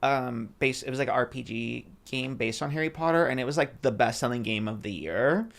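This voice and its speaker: A man's voice: medium pitch, fairly quick, creaky, a bit bright. A man co-hosting a podcast in casual chat, weighing his words and hedging with "I think" and "like".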